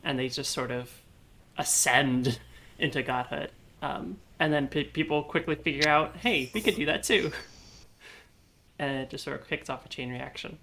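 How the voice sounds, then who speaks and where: Woman, low pitch, bright tone, casual game-night chat, laughs often, thinks aloud. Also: fairly even intonation, normal speed, gravelly. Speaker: tabletop game player.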